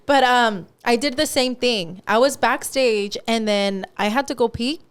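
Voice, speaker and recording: Animated young woman telling a story. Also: fairly high pitch, unhurried, smooth. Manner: animated, swears a lot, slips into Spanish. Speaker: podcast co-host. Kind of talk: casual chat, storytelling.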